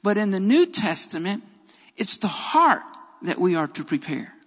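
A man's voice: high-pitched, big pitch swings, moderate pace, fairly bright tone. A man preaching a sermon in a church, emphatic and repeating his key phrases. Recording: reverberant, dull lo-fi sound.

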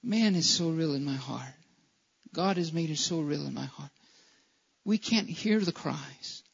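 A man's voice: a little high, unhurried, vocal fry, slightly rough. A man preaching a sermon in a church, impassioned, often stumbling and restarting his phrases. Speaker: pastor. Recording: dull lo-fi church recording.

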